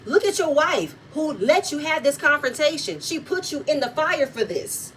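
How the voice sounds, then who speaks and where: A woman's voice: sits high, big pitch swings, moderate pace. Blunt, heated woman ranting a recap. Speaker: reality show recapper. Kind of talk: casual reaction commentary. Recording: distant mic with faint noise.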